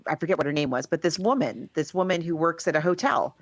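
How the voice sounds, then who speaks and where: A woman's voice: sits low, animated, fast. A woman co-hosting a podcast, casually retelling a film's plot in a rambling way and acting out the quotes. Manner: rambling storyteller who acts out quotes. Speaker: podcast co-host.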